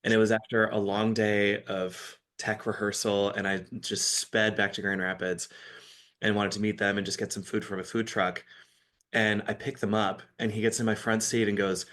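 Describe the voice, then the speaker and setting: A man from Michigan, a podcast guest, telling a story in casual, animated chat with frequent laughter. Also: lowish voice, normal speed.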